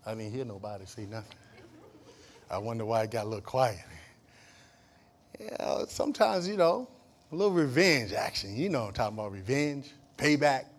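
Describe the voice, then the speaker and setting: A male pastor preaching a sermon, dropping to quiet asides, then rising to shouted emphasis with jokes and call-and-response to the congregation. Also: medium pitch, very animated, normal speed, long pauses. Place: church.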